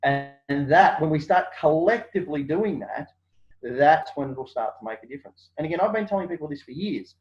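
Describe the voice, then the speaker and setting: Male guest, high voice, chatty and animated, lo-fi recording. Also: fairly quick, soft background music. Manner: animated storyteller, acts out quotes, many fillers. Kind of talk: casual interview chat. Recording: dull lo-fi sound.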